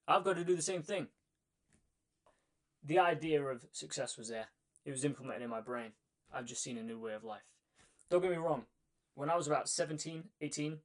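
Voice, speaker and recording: A young man telling his own story in a casual monologue, energetic and emphatic, repeating phrases for effect and a little out of breath. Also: medium pitch. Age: young adult. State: slightly out of breath. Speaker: vlogger.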